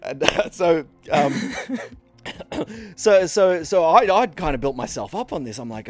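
A man's voice: fairly high pitch, measured pace, no room sound. A man co-hosting a casual podcast chat, telling a rambling story, swearing freely and acting out what people said. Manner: animated, swears freely, acts out quotes in character. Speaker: podcast co-host.

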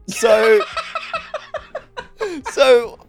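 Man, podcast co-host, casual storytelling, high lively voice, gravelly fry, laughs a lot, swears, stumbles over words. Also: drawn-out words, over music. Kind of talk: casual chat, comic storytelling.

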